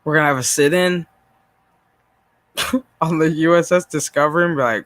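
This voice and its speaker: A man's voice: fairly high pitch, moderate pace, long pauses, fairly bright tone, dry recording. A man streaming a profane, exasperated reaction rant with frequent sighs, talking straight into his mic. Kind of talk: ranting reaction commentary.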